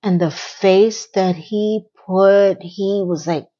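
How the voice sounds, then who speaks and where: A woman's voice: medium pitch, steady tone, slow, dark tone, lo-fi sound. A woman giving a casual recap of a TV episode, with blunt, exasperated commentary and words she repeats for emphasis. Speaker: TV recap reviewer.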